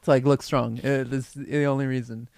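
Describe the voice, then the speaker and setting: A young man in casual chat, quick and rambling, often correcting himself. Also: mid-range voice, level tone, vocal fry, a little mellow, dry recording.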